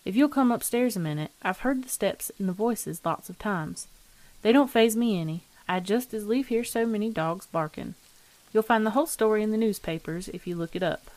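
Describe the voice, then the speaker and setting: A woman voicing a sly old landlady who talks in a slow, metallic, folksy drawl, coolly unbothered. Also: mid-range voice, a little mellow, dry recording, close to an everyday voice.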